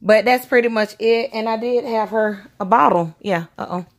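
A woman's voice: a little high, moderate pace. A woman chatting casually to her viewers while unboxing a doll at home. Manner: chatty, addresses viewers as y'all. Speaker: doll collector vlogger. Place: indoors at home, by a window.

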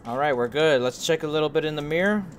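A young man with a fairly high voice, talking his chat through a horror game with crude jokes and loose banter. He mutters to himself between tasks and yells out loud at every scare. A faint hiss of noise sits under his voice. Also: fast talker. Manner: joking, profane, talks to himself; shouts when startled. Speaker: gaming streamer. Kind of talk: let's play commentary to chat.

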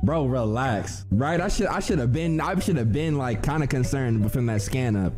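A man's voice: medium pitch, normal speed, over music. A young man giving loose, slangy comedic commentary and telling stories while reacting to cartoon clips. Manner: animated, loose, slangy, jumps into shouted cheers.

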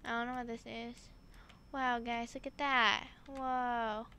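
Bright, high-voiced excitable woman gamer. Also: takes it slowly, slight background noise. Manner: excitable, full of exclamations, talks to viewers. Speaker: gaming channel host. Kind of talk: casual gameplay commentary.

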